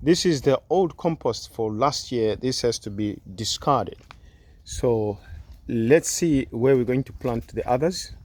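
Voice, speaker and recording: A man's voice: mid-range voice, expressive, measured pace, darkish tone. A man hosting a casual gardening vlog outdoors, chatty and full of questions. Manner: chatty, asks lots of questions. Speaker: video host helping with gardening.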